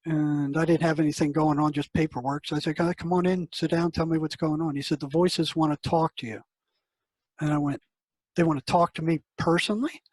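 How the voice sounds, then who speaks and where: A man's voice: fairly high pitch, flat delivery, brisk, a little mellow, dry recording, low-quality recording. An older man, a psychotherapist, telling a story in a casual, conversational way and acting out the dialogue. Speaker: psychotherapist guest. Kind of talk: storytelling interview answer.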